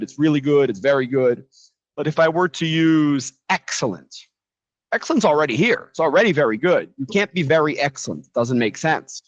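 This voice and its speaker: American male teacher, relaxed and chatty, slightly muffled lo-fi recording. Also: a little high, dry recording. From United States. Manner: relaxed, chatty explaining with frequent asides. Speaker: English teacher. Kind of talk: live English lesson. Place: living in Brazil, teaching from a quiet room.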